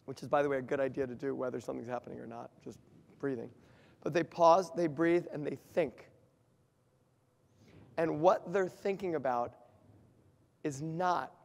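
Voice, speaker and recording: A man giving an interactive workshop talk, quizzing his audience and explaining in an emphatic way. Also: a little high. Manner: asks the audience questions, lively and emphatic. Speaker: workshop speaker. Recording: long reverb of a hall.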